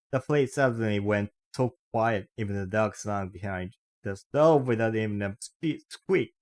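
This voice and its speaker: A man's voice: on the low side, a little slow, darkish tone. A man reading a novel aloud, carefully and with small slips and restarts. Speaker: reader.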